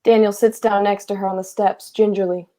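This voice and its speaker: A woman reading stage directions aloud in a live play reading, with plain, even delivery. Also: mid-range voice, fairly quick.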